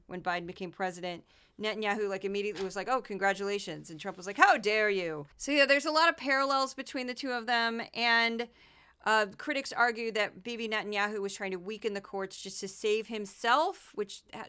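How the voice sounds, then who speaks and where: Bright, crisp-voiced woman podcast host. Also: mid-range voice. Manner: animated, sarcastic. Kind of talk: political commentary.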